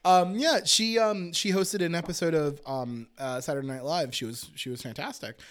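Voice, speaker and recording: A man co-hosting a podcast in casual chat, launching into excitable, laughing rants with plenty of swearing. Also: fairly high pitch, moderate pace, clean tone. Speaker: podcast co-host.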